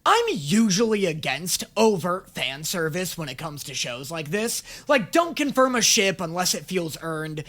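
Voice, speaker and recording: A young man hosting a comedic reaction video, ranting sarcastically and breaking into sudden shouts. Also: sits high, very animated, measured pace, hardly any pauses. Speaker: YouTube reaction host.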